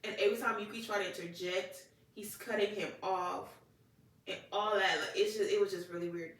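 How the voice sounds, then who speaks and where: A woman casually recapping anime episodes in a chatty, animated way, acting out the characters and exclaiming "child.". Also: medium pitch, brisk. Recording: echoey room, distant mic.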